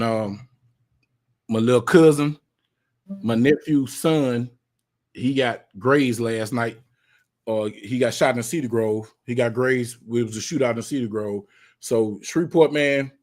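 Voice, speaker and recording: Brief: man, easygoing livestream host, slangy and rambling, mid-pitched voice. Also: darkish tone. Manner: laid-back, slangy, filler-heavy talk. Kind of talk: casual live-stream chat.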